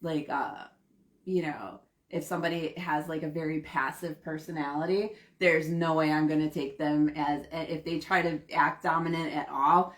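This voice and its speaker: Low-voiced laughing woman co-host, echoey room. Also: steady tone, normal speed. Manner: frank, laughs often, trails off. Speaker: podcast co-host. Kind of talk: casual chat.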